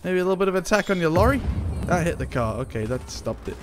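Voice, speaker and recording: Excitable young man gaming. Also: quick pace, background noise. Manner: excitable, swings between loud panicked outbursts and low muttering. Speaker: gaming YouTuber. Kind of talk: casual gameplay commentary.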